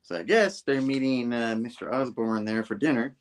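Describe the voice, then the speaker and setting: A man's voice: mid-range voice, moderate pace. A man casually retelling a comic book scene by scene, acting out the characters' lines in loose voices. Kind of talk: casual chat.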